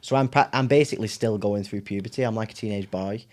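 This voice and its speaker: A podcast guest tells a story in casual conversation, animated and laughing often as he acts out his family's voices. He talks fast in a fairly low-pitched voice.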